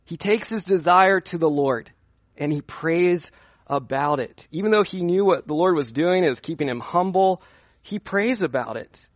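A man's voice: a little high, lively intonation, moderate pace, no echo. A young man preaching at a youth conference in a conversational way, asking his listeners questions as he teaches. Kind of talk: sermon.

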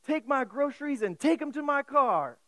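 A man voicing a bossy male drill sergeant who barks shouted commands. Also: very high voice, animated, normal speed, no room sound, studio quality, pitched above the performer's own voice. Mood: commanding.

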